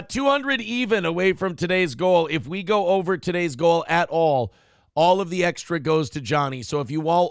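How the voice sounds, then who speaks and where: A man's voice: fairly high pitch, creaky, a bit bright, clear, resonant tone, no echo, clean studio sound. A man hosting a morning talk show, reading viewer comments aloud and joking with plenty of swearing. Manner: profane, wisecracking, reads viewer comments aloud. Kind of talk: casual morning show banter.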